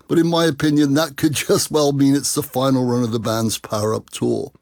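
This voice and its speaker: A man hosts a rock radio show between songs, talking with eager, opinionated enthusiasm about the music. His voice has a gravelly edge. The recording is dry and close, with no room sound. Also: mid-range voice, normal speed, hardly any pauses, a little mellow, no room sound.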